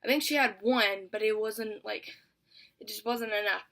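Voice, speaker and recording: A woman's voice: mid-range voice, moderate pace, gravelly, a bit bright. A young woman telling a storytime vlog in a chatty way, filling almost every phrase with "like". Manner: chatty, says "like" constantly. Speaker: vlogger.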